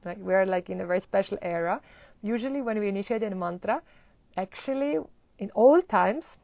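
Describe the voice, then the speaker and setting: A woman's voice: medium pitch, expressive, brisk, gravelly, a little mellow, dry recording. A woman teaching a live-streamed mantra lesson, explaining and chanting with laughter. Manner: acts out groggy morning complaints. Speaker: spiritual teacher.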